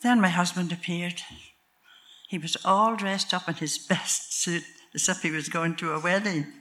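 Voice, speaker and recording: A woman's voice: fairly low pitch, steady tone, moderate pace, fairly bright tone. An older woman with a Northern Irish accent telling a true story from her own life at a live storytelling night, in a homely, wry, self-mocking way. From Northern Ireland.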